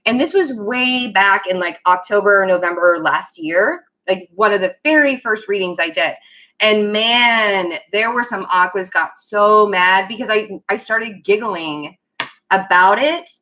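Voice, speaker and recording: Bright-voiced giggly woman reading tarot. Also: mid-range voice, a little slow. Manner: rambling, giggly, apologetic. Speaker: tarot reader. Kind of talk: casual live tarot reading.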